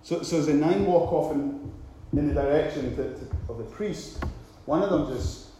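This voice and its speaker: A man preaching a sermon, retelling a scripture story with animated, repetitive emphasis, recorded in a very echoey hall. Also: a little high, moderate pace, slight background noise.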